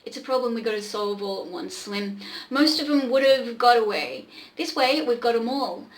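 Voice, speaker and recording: A woman voicing a gruff, commanding old male rancher in a pulp western read aloud. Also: fairly high pitch, moderate pace, natural voice, low-quality recording. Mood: plotting.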